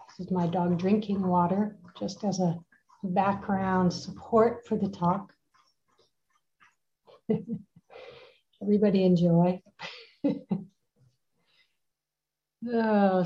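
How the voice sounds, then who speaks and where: Slow, mellow woman teaching a retreat. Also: mid-range voice, dull audio. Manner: gentle, unhurried, laughs softly. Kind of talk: reflective retreat talk. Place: at home with a dog nearby.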